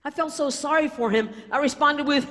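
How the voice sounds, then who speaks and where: Woman from South Texas, lively, playful storyteller delivering a contest speech, with a long hall reverb. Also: high voice, brisk. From South Texas, USA. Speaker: contest speaker. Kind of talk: competition speech. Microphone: video call.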